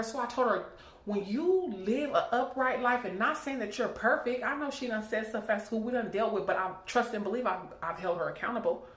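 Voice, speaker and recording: A worn-out woman venting to her viewers, preachy and emphatic, repeating herself and tagging lines with "okay?". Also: on the high side. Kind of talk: emotional personal vent. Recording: echoey room.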